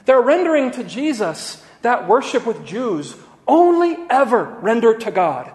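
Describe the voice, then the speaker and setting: A man's voice: very high voice, sing-song, measured pace, darkish tone. A man teaching a Bible lesson, reading passages aloud and putting questions to his listeners. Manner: reads scripture aloud and quizzes listeners. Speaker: teacher of scripture. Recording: long hall reverb.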